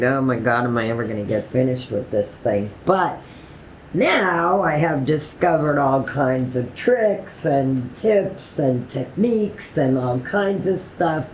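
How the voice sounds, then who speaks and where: A woman casually telling a personal story, quoting others with animated voices and laughing often, with many "like" fillers. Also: very deep voice, roomy sound, slight background noise, rough recording. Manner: animated retelling with quoted dialogue and laughter; frequent "like" fillers.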